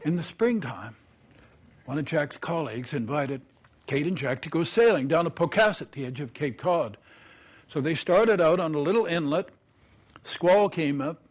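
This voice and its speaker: Lively male storyteller. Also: fairly high pitch, moderate pace.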